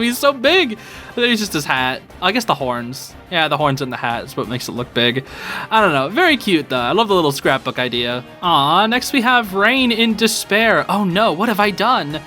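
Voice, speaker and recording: Young guy hyped up reacting to fan art, bright voice bouncing all over, soft music behind. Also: sits high. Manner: excitable, says "dude" a lot, laughs often. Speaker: host reviewing fan art. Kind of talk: casual commentary. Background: soft background music.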